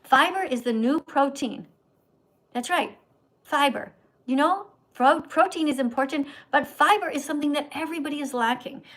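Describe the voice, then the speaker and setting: A woman with a fairly high voice hosts a livestream and answers viewers' questions. She lectures in a preachy, scolding way, like a teacher talking down to a class. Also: normal speed, a bit bright, low-quality recording. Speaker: vegan livestream host.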